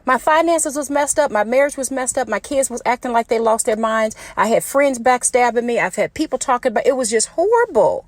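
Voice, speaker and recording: A woman host giving a passionate faith testimony, emphatic and at times near yelling, recorded on a phone in her parked car. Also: a little high, lively intonation, a little fast, few pauses, no room sound. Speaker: podcast host.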